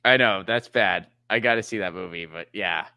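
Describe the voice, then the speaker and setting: A man's voice: deep voice, moderate pace, dry recording. A man guesting on a casual comedy podcast, exclaiming and poking fun at himself. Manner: animated, self-mocking, exclamatory. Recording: dry close sound.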